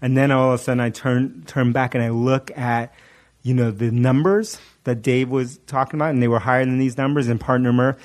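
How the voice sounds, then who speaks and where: A middle-aged man telling a story in casual chat, animated and laughing often, with many fillers and restarts. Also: mid-range voice, fairly quick.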